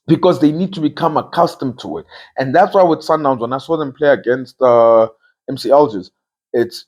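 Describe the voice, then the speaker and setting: Emphatic husky-voiced man. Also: mid-range voice, a little mellow. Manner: emphatic, repeats phrases for effect. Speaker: football talk show host. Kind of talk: casual opinion commentary.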